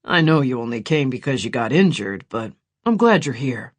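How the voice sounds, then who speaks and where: A man voicing Gideon, an earnest ex-soldier older brother, in a quiet, measured audiobook reading. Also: medium pitch, sing-song. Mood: reflective. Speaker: audiobook character voice.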